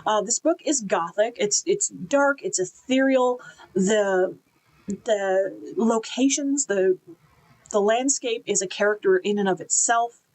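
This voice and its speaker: A woman's voice: mid-range voice, expressive, takes it slowly, darkish tone, low-quality recording. A woman giving an enthusiastic, chatty book review, with casual fillers and restarts.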